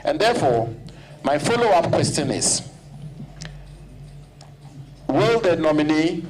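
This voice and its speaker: Deliberate man questioning a nominee. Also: a little high, big pitch swings, darkish tone, a little hiss or hum, rough recording. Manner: deliberate, repeats points for emphasis. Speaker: committee member questioning. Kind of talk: formal parliamentary questioning.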